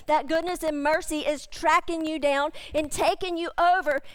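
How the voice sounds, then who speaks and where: A woman pastor delivers a sermon in a high voice, hammering home her main lines by repeating them. The sound is dry and close, with no room echo. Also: fairly even intonation, moderate pace. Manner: emphatic, repeating key phrases.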